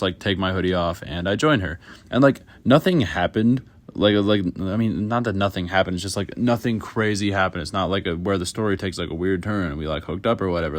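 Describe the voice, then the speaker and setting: A man's voice: deep voice, no room sound. A young man telling a personal story in a casual, rambling way, full of fillers. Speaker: YouTuber.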